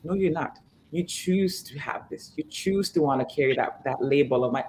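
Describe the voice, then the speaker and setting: A woman's voice: low-pitched, darkish tone, a little hiss or hum. A woman fitness trainer speaking as an interview guest, emphatic and motivational, over a video call. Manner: emphatic, motivational, fast restarts.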